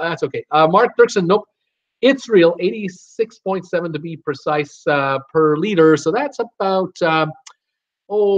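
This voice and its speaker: A man's voice: on the high side, muffled recording. Chatty man reading viewer comments. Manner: chatty, reads out viewer names and comments with many "uh" fillers. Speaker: host of a live cruise Q and A stream. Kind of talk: casual live-stream chat reading viewer comments.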